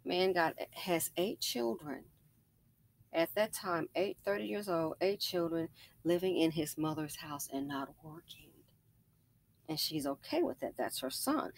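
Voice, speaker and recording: A woman's voice: fairly low pitch, expressive, a little slow, vocal fry. A woman hosting a casual commentary video, telling stories emphatically and often digressing. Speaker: commentary channel host.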